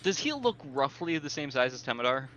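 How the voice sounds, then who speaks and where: Brief: male player, bright tone, faint background noise. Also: mid-range voice, brisk. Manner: relaxed, describing his character's actions. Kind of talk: casual tabletop game play.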